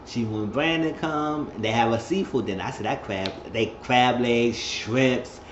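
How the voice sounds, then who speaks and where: Casual male recapper, chatty with bursts of laughter and high-pitched impressions; roomy, muffled home recording. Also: a little slow. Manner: chatty, laughs often, acts out cast members in high squeals. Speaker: reality show recapper. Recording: roomy, dull lo-fi sound with faint noise.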